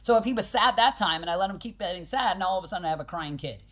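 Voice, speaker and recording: Lively woman coach, low-pitched voice. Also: rapid-fire. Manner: animated, acts out kids' and parents' voices. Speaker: boxing coach and guest. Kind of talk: casual podcast conversation.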